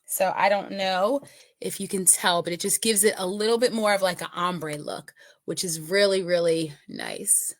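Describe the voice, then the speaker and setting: A woman's voice: mid-range voice, fairly even intonation, moderate pace, dry recording. A middle-aged woman giving a casual makeup tutorial, chatting with viewers and often checking in with them. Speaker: makeup consultant.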